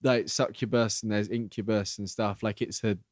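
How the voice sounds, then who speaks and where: A man's voice: fairly low pitch, moderate pace, no room sound, clean studio sound. Chatty male podcast co-host. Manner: rambling, restarts, animated retelling. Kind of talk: casual film discussion.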